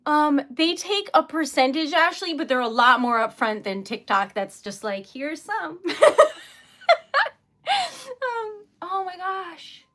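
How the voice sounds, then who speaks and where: A woman's voice: high voice, very animated, takes it slowly, bright, forceful tone. A young woman running a casual livestream for her small business, flustered and giggly as she thanks viewers.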